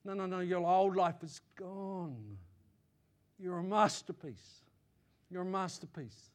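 A male pastor preaching to his congregation, swinging between loud emphatic declarations and quiet asides, often repeating himself and checking that listeners are with him. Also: high-pitched, takes it slowly, long pauses. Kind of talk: sermon. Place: church.

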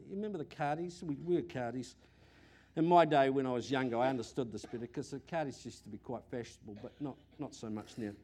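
An older man with a New Zealand accent preaching a sermon to a congregation, animated, often repeating words and asking questions. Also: fairly high pitch, husky.

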